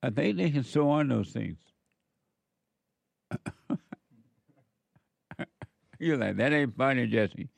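A man's voice: a little high, creaky, no room sound. A man giving an informal spiritual talk as a counselor, blunt and emphatic, repeating words for stress.

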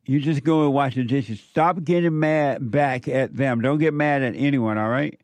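A man hosting a call-in show, giving advice to a caller in a slow, emphatic way and repeating his points. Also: medium pitch, darkish tone, no echo.

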